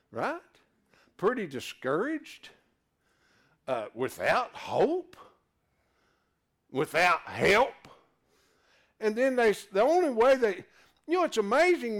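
Preaching before a live congregation, a man swings between loud, emphatic declarations and quiet, low asides, addressing his listeners as folks.

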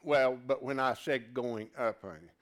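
A man preaching a sermon to a live congregation. He moves from loud, emphatic declarations to quiet, low asides and calls his listeners folks. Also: steady tone, moderate pace.

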